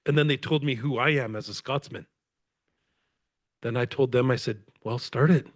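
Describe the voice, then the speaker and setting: A man from Canada telling stories as the guest speaker at a book talk, rambling and animated and laughing often. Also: medium pitch, moderate pace, no room sound, studio quality. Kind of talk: conversational storytelling. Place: lecture event with audience.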